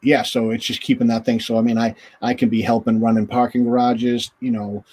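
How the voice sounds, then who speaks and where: A man in his forties, a guest in an interview, telling stories in a chatty, relaxed way full of fillers. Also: medium pitch, fairly quick, breathy edge. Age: 40s. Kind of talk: casual storytelling in an interview.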